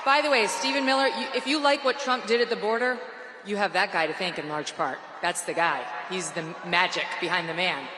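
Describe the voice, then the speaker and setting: A woman's voice: mid-range voice, a little fast. A woman giving a sarcastic, mocking political rally speech with punchy delivery. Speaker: rally speaker. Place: large echoing hall. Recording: echoey hall with long reverb, noisy.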